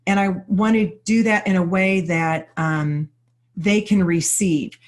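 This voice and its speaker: A woman's voice: medium pitch, steady tone, unhurried. A woman giving a live workshop talk to an audience, earnest and openly personal, explaining ideas with many everyday examples. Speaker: workshop presenter.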